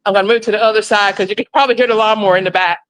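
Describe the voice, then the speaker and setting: A woman's voice: mid-range voice, steady tone, racing, a bit bright, low-quality recording. An out-of-breath woman giving a chatty, apologetic live update by phone from outdoor grounds. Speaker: volunteer calling in to a live panel. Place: outdoors at a school grounds in summer heat.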